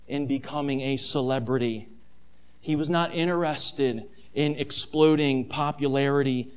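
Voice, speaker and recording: A male pastor delivers a dramatic sermon in a high voice, calling his listeners family. He drops to a near hush for weighty lines, then climbs back to full strength as the story builds. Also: clean tone. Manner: dramatic, addresses listeners as family, swings between hushed and loud.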